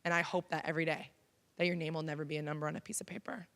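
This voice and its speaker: Low-pitched and rapid-fire, this woman's voice has vocal fry, little pitch movement, and a fairly bright tone. In her thirties and from Canada, she gives a keynote in a college auditorium, telling a personal story frankly and conversationally with frequent ums.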